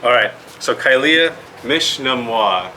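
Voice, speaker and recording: This rough recording, carrying a little hiss or hum, captures a man from the Yakima Valley, Washington, speaking in an unhurried, mid-range voice that sounds pushed and bright. As a language presenter teaching a group indoors at a public museum event, he patiently asks questions and spells out words letter by letter.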